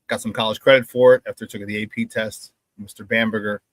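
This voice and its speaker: A middle-aged man hosting a sports talk show, telling stories with animated energy and acting out the banter he remembers. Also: lowish voice, quick pace, no room sound. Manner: animated storyteller, acts out quoted banter loudly, laughs often.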